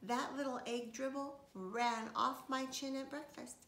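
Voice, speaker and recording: A woman voicing a scheming, dramatic little boy who often drops to a hush, read from a storybook. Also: high-pitched, fairly even intonation, unhurried, pitched above the performer's own voice. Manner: hushed and secretive at times. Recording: echoey room, faint noise.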